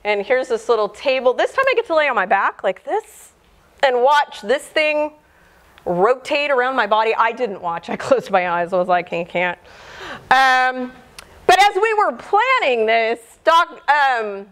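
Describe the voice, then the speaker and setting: A middle-aged woman biologist giving an informal public lecture, chatty and animated, acting out the dialogue she quotes. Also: on the high side, measured pace.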